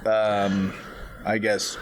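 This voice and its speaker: A man co-hosting a comedy podcast, telling a made-up story in casual, profane chat and breaking into shrill wailing character voices. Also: completely flat delivery, extremely slow, slight background noise. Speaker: podcast co-host.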